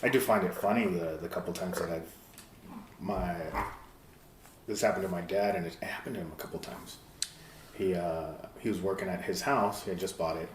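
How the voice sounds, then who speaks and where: Thoughtful man, halting, in an echoey room. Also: deep voice, fairly even intonation. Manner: thoughtful, halting, many restarts. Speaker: podcast guest. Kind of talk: casual podcast discussion. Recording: roomy echo with faint noise.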